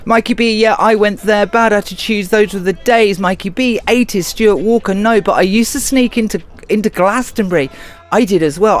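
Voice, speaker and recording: A middle-aged woman from England with a southern English accent, hosting a casual radio show and chatting while she reads out listener comments. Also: mid-range voice. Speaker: radio host. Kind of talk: casual live-stream radio chat.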